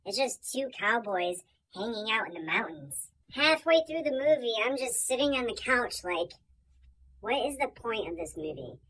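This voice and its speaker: A comedian delivers a comic storytime monologue in a bright, forward, slightly high voice at a moderate pace. She's animated and theatrical, swinging from loud punchlines to quiet murmured asides. The recording quality is low.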